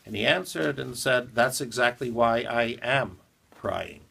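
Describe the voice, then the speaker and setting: A man, a rabbi, giving a short morning talk after prayers, retelling a teaching in a measured storytelling way with quoted dialogue. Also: medium pitch, animated, vocal fry, pushed and bright, husky.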